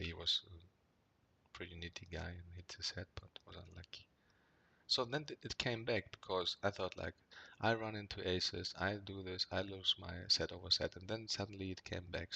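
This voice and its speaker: Low gravelly man rambling through poker hands. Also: fairly even intonation, moderate pace, pushed and bright. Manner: rambling, frequent "right?" tags and fillers; gets worked up and swears when annoyed. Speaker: poker player reviewing his hands. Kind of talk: casual commentary over gameplay.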